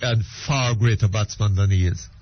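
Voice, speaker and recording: A man hosting a radio call-in show, speaking in a measured, polite way. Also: lowish voice, a little hiss or hum. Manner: measured, polite, brief affirmations. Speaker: radio talk show host. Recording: muffled radio broadcast.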